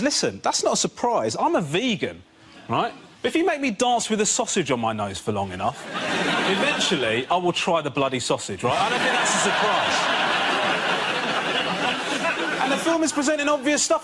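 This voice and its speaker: Brief: male comic, fairly high voice, ranting incredulous stand-up, heavy noise behind. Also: sing-song, moderate pace. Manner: ranting, incredulous, builds to shouts. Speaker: comedian. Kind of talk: stand-up routine on a panel show. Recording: loud background noise.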